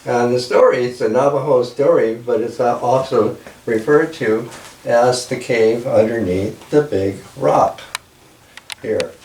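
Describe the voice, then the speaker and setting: A man telling a folk tale in a casual, halting way, with many fillers, recorded with a roomy sound from a distance. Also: medium pitch, a little mellow, a little hiss or hum. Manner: halting, lots of "you know" and "like that". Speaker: storyteller. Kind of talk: casual oral storytelling.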